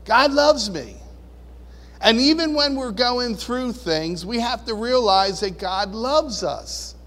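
High-voiced male preacher in a hall. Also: slow pace. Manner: animated, folksy, acts out voices and shouts for effect. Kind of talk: sermon. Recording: long reverb of a large hall.

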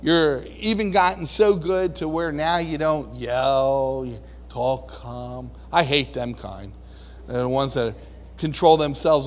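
A man preaching a sermon in a folksy, animated way, now and then acting out voices and shouting. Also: medium pitch, slow. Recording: long reverb of a large hall.

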